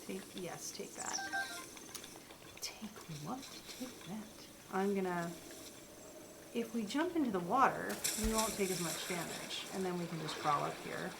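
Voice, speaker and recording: A woman's voice: mid-range voice, background noise. A woman chatting casually while playing a video game, rambling to her viewers and the characters on screen, recorded on a desk microphone at home. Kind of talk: casual gameplay chat. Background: household sounds, dog noises.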